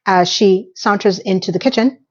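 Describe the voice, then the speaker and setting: A recap podcast host, a woman with a medium-pitched, darkish voice, talks at normal speed through a casual episode recap on dull-sounding audio. She's chatty and emotional, full of fillers and self-interruptions, holding back tears as she retells scenes at home.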